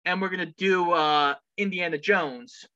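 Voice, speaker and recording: A podcast co-host talking quickly about movies. The voice is bright and forceful and often quotes film lines. The recording is dull and lo-fi. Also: medium pitch. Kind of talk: casual chat. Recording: dull lo-fi sound.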